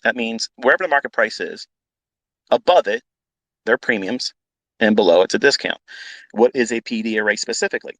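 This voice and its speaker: A man's voice: on the low side, animated, brisk, long pauses, fairly bright tone, no echo, poor audio. A man talking off the cuff as a trading educator, blunt and combative, swearing freely and repeating himself for emphasis. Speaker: trading educator on a live audio space. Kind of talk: unscripted profane rant.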